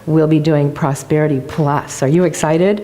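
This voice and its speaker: A woman's voice: low voice, fairly even intonation, moderate pace, noisy background. A woman guest speaker giving an enthusiastic motivational talk in a church, telling a joke story. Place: church sanctuary.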